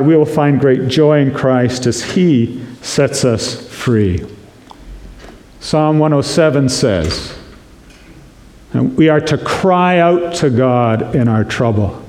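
A man preaching a sermon as pastor, slow and earnest, acting out prayers in quotes. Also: a little high, a little mellow. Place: church sanctuary. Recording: echoey church room.

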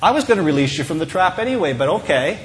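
A man's voice: a little high, big pitch swings, quick pace. A man voicing a clever married woman in a joke, speaking dry and matter-of-fact.

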